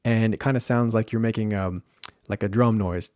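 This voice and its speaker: Male pronunciation coach, low voice, dry close mic, patient demonstrating delivery. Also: dark tone, no room sound. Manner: slow, demonstrating sounds carefully. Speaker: pronunciation teacher. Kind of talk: instructional video lesson.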